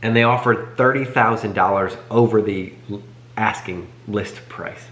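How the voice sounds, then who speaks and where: A young man co-hosting a family channel, telling a story in casual chat with animated, self-correcting delivery. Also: lowish voice, measured pace. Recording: echoey room.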